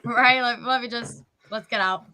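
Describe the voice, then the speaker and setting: A woman with a bright, high-leaning voice hosts a casual interview. She is chatty and giggly and fills her sentences with filler words. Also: normal speed, clear, resonant tone. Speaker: podcast host.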